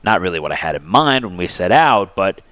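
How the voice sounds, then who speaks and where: A man's voice: low-pitched, sing-song, fairly quick, fairly bright tone, no room sound. A man voicing an angry, sarcastic young male adventurer with an exasperated manner. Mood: irritated. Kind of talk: dramatic reading with character voices.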